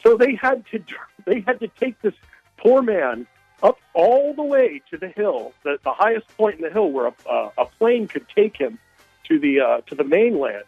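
A man's voice: sits high, very animated, moderate pace, breathy edge, no room sound, faint music behind. A male caller telling a long story on a radio call-in show, rambling and hesitant with many fillers. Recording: dull, dry phone line.

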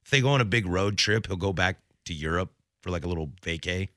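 A man's voice: low voice, fast, dry recording, studio quality. A young man hosting a sports radio show, joking casually with his co-host. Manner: joking, animated, does silly voices.

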